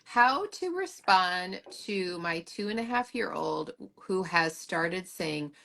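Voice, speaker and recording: A woman hosts a live video chat and reads out questions in an affirming tone. Her voice sits low with a gravelly texture. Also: expressive, slow pace. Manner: warm, affirming interviewer reading out questions. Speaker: host. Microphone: video call.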